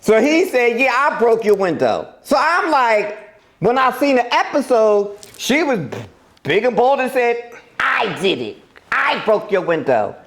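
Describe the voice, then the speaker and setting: Woman, podcast host, casual storytelling, profane, lively swooping pitch, acts out quotes. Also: unhurried.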